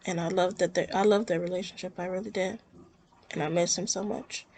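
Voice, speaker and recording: A woman's voice: lowish voice, fairly even intonation, a little fast, a little mellow. A woman talking earnestly and emotionally in a rambling, heartfelt vlog about her own grief. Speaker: vlogger. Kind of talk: personal talk to camera about grief.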